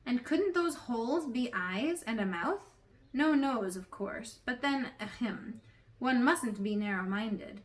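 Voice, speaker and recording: A woman's voice: on the high side, lively intonation, takes it slowly. A woman voicing a mild, thoughtful she-elephant in a storybook reading.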